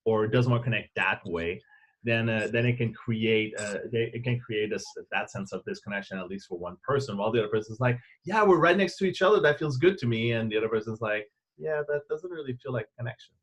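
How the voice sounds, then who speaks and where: A man's voice: mid-range voice, animated, quick pace, poor audio. A man in a casual group conversation, speaking thoughtfully with frequent restarts and easy laughter. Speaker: panelist.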